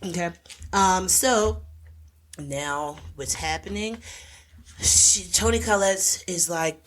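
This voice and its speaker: A woman's voice: on the low side, slow pace. A woman, casually chatting as a podcast co-host and recapping a movie with lots of fillers and playful asides. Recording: podcast voice recording.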